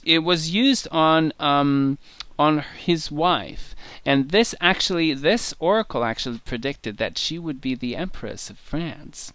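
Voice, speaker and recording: A man speaks as a guest, enthusiastic and rambling as he walks through his cards. His voice is bright and smooth. The sound is close and dry, with no room in it. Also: on the high side, no room sound. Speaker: guest tarot reader. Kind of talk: conversational show-and-tell interview.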